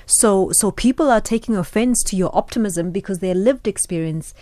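A woman hosts a radio talk show, putting a question to her guest. Her tone is mellow and she repeats words as she frames her question. The sound is dry and close. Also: mid-range voice, dry recording. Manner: halting, repeats words while framing a question. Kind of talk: interview questioning.

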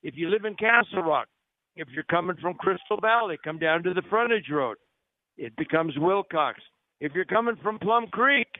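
A radio talk show host broadcasts live on location, his slightly high voice promoting a restaurant with joking, salesman-style patter. His delivery is upbeat, and the narrow, phone-like radio audio is dry with no echo.

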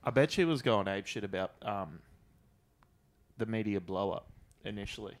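A man's voice: on the low side, normal speed. A man co-hosting a podcast, cheeky and swearing freely as he tells crude stories. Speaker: podcast co-host. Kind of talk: crude casual banter.

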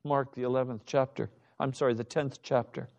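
A man's voice: mid-range voice, fairly even intonation, fairly quick, creaky. A male pastor preaching a sermon with passion, acting out the voices of the people in his story. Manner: impassioned preacher, acts out shouting voices.

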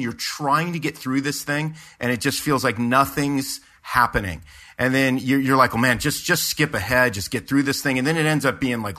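A man's voice: medium pitch, sharp tone. A man, a pastor and podcast co-host, chatting casually and rambling through a story with lots of fillers and restarts. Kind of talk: casual chat.

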